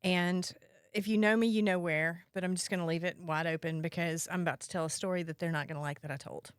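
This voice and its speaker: A woman's voice: lowish voice, steady tone, fast, clean tone, dry recording. A woman hosting a podcast, telling a personal story in a candid, wry way with a casual chat style. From Mississippi, US. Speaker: podcast host.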